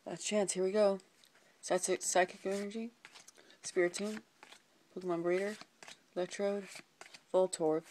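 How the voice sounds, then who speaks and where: A woman's voice: lowish voice, darkish tone, slight background noise. A woman hosting a card unboxing video, calling out each card name one by one and sometimes dropping to a whisper. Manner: calls out card names one by one, slips into whispering. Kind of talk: card pack opening, listing cards.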